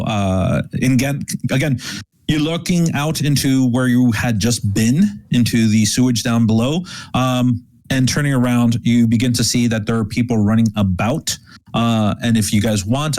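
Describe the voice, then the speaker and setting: A man's voice: mid-range voice, a little mellow. A man running a tabletop game as game master, narrating loosely with many fillers and restarts.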